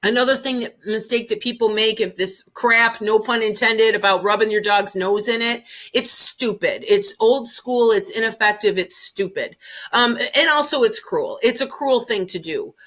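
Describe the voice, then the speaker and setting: A woman's voice: fairly high pitch, normal speed, hardly any pauses, fairly bright tone. A woman dog trainer talking casually to camera, earnest and repetitive, with many fillers as she explains. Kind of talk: casual instructional talk to camera.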